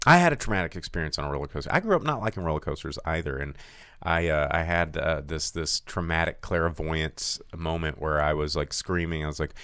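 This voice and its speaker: A man with a fairly low voice that swings widely in pitch, chatting casually as a podcast host. He tells stories with lots of animation, acting out voices and sound effects. The sound is dry and close. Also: animated, normal speed, a bit bright, clean tone, no room sound. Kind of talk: casual chat about movies.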